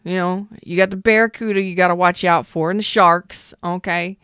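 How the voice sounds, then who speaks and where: A woman hosts a live tarot reading, casual and emphatic, repeating phrases and chatting with viewers in the chat. Her voice is fairly low with fairly even intonation at normal speed, and her tone is a bit bright, clear, and resonant. The recording is clean studio sound with no room sound.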